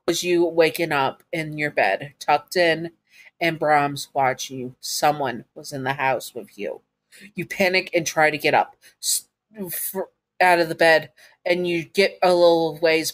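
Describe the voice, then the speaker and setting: Woman narrating a second-person story. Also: deep voice. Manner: addresses the listener directly, casual asides.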